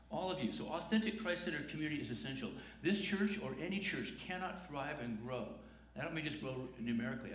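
Man, pastor, conversational sermon, rhetorical questions, reverberant sanctuary. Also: medium pitch. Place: church sanctuary. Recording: echoey church room.

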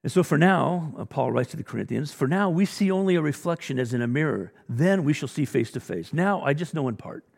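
A man's voice: on the high side, lively intonation, a little fast, gravelly, hardly any pauses, a little mellow, long reverb tail. A man preaching a sermon as pastor, blunt and exhorting, full of rhetorical questions and direct challenges to his listeners.

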